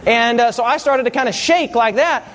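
A man's voice: extremely high pitch, moderate pace, fairly bright tone, a faint crowd. A man preaching a sermon, telling a personal story and asking the congregation questions.

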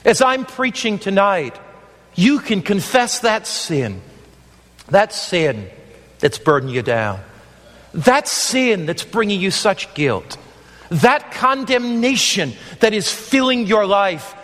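Brief: male pastor, fervent repetitive sermon delivery, high voice, long hall echo. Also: big pitch swings, slow, fairly bright tone. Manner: earnest, emphatic, repeats phrases. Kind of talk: evangelistic sermon.

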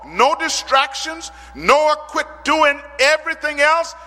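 A man from the Caribbean islands preaching a sermon, dramatic, with rhetorical questions and sudden loud peaks. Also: very high voice, animated, slow. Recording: long hall reverb.

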